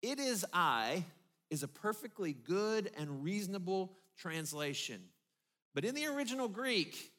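High-voiced pastor preaching. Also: male voice, very animated, unhurried. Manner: vivid storytelling, drops low and soft for emphasis. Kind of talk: sermon.

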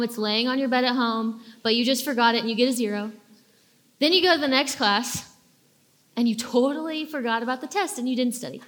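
A young adult woman giving a casual storytelling talk to teens, animated and acting out little quoted lines as she goes. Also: on the high side. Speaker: speaker addressing teens.

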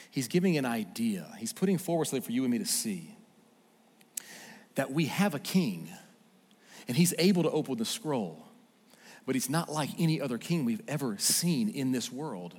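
A man preaching a sermon, swinging from loud emphatic lines to hushed, quiet asides. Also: mid-range voice, very animated, moderate pace, husky. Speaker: pastor. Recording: long hall reverb.

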